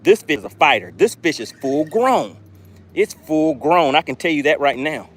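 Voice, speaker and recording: A man hosting a live fishing stream from a boat, excitedly talking to his viewers and reading their chat aloud. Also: fairly high pitch, normal speed. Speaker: fishing channel host. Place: on a boat on open water. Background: jet skis and outdoor ambience.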